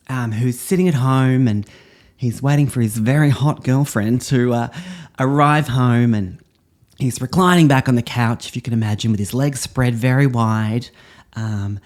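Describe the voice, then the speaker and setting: In a scripted comedic monologue, a middle-aged man with an Australian accent portrays a drama teacher, sounding grand, self-important and affected. His mid-pitched voice carries a darkish tone.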